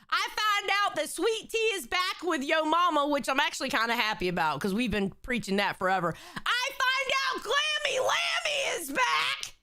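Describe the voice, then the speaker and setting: A woman hosting a live stream, chatting casually in an animated way, swearing often and breaking into loud outbursts. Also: very high-pitched, no room sound, clean studio sound. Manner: animated, swearing, bursts into shouting. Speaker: livestream host. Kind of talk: casual livestream chat.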